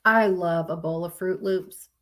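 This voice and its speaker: A woman's voice: fairly low pitch, a little slow. A woman, chatting casually on a live stream, reading out fun facts to viewers in a rambling, sleepy way. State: sleepy, yawning.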